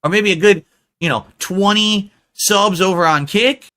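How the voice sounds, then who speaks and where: Guy with a high bright voice hyping tips, kinda salesy, light music underneath. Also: unhurried. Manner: pushy, salesy hype. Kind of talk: hyping donation goals.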